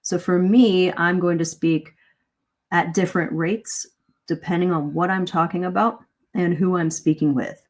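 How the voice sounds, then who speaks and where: A middle-aged woman coaching English speaking in a live-streamed lesson, lively and shifting her pace and emphasis to demonstrate. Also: on the low side, measured pace.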